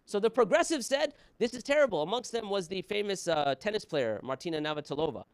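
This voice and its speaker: A man's voice: high-pitched, lively intonation, quick pace, clear, resonant tone, dry recording. A man teaching a workshop on preaching, talking conversationally with frequent rhetorical questions and short laughs between points. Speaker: workshop instructor.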